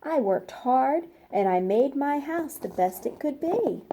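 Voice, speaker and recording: A woman voicing a proud, hardworking young male pig in a storybook, gentle and pleased. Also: high voice, animated, unhurried, background noise.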